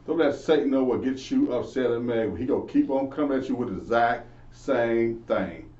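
A man's voice: mid-range voice, moderate pace, warm tone. A man giving an informal Bible lesson, earnestly preaching and asking questions he then answers himself. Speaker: Bible teacher. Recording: echoey, distant, dull lo-fi.

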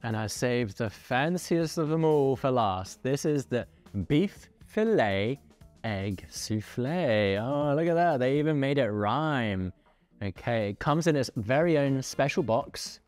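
Lively, playful man presenting food. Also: medium pitch, slow, faint music behind. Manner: chatty, playful, lively intonation, jokey asides. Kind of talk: casual on-camera food review.

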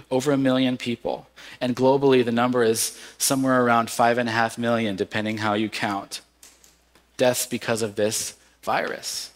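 A pastor preaching a sermon in an earnest, measured way, with cries of lament now and then. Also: male voice, mid-range voice. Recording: long hall reverb.

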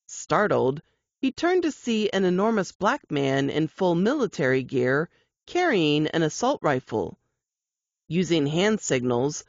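Woman, low voice, slow dramatic fiction reading; dry, lo-fi sound. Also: dry recording. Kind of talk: reading a fiction excerpt aloud.

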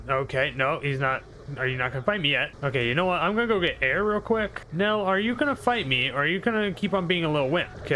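A man's voice: on the high side, sharp tone, a little hiss or hum. A young man giving rambling, sarcastic commentary while playing a video game, often talking back to the characters on screen. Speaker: gaming channel host. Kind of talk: casual gameplay commentary.

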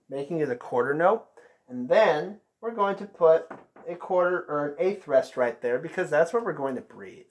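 Slow, patient male band teacher. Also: on the high side, a little mellow. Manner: patient, counting beats aloud and naming notes. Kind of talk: online music lesson.

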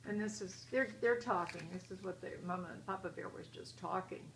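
A woman's voice: lowish voice, brisk, fairly bright tone, a little hiss or hum, rough recording. A woman reading a children's picture book aloud in a chatty way, stopping to point out the pictures. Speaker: storyteller.

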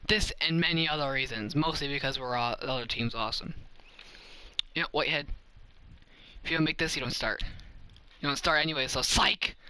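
A man calling his own gameplay with excitable, teasing energy. His voice is bright and forceful and sits a little high, and he breaks into sudden yells and squeaky bursts. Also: a little fast, long pauses, smooth, no room sound. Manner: hyped, playful trash talk, sudden yells and squeaks. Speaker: gamer and commentator.

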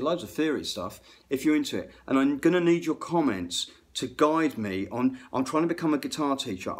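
A middle-aged man talks theory straight into his phone camera, rambling and excitable. He cuts himself off mid-thought and jumps between ideas. His voice sits at an ordinary middle pitch for a man. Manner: rambling, excitable, self-interrupting. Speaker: guitar tech and aspiring guitar teacher. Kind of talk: casual music theory vlog to camera.

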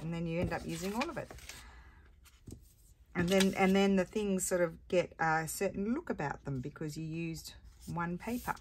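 A woman's voice: on the low side, animated, moderate pace, background noise. Chatty woman crafting at her desk. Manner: chatty, rambling, talks to viewers while working. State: has the hiccups. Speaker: crafting channel host. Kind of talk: casual chat while crafting.

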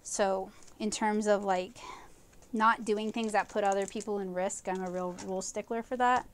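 A woman's voice: medium pitch, fairly even intonation, normal speed. A woman comic artist chatting enthusiastically through a live watercolor painting tutorial, rambling with fillers as she loses her voice. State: losing her voice.

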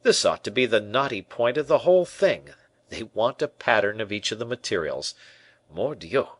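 A man voicing a shrewd, suspicious male musketeer with a lively, exclaiming manner. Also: fairly low pitch, normal speed, husky, no echo.

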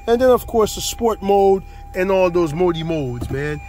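A man's voice: sits high, animated, measured pace, dark tone, slight background noise. A man selling used cars in a casual walkaround video, with playful, hyped-up patter and lots of repetition, recorded outdoors on a car lot.

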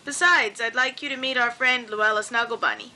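A woman's voice: on the high side, fairly quick, pushed and bright, slight background noise. A woman voicing a welcoming hostess in a storybook reading. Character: warm welcoming hostess Edna. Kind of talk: storybook character voice.

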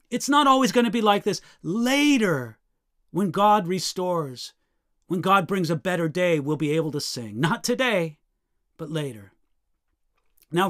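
A man teaching as a pastor, going through scripture verse by verse in a measured, reflective way and reading quotations with feeling. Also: sits high, a bit bright, dry recording, studio quality.

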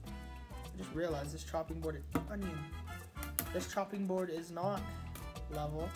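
A woman's voice: lowish voice, steady tone, measured pace, loud music behind the voice. Goofy woman vlogger with playful exclaiming. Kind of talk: casual vlog chat.

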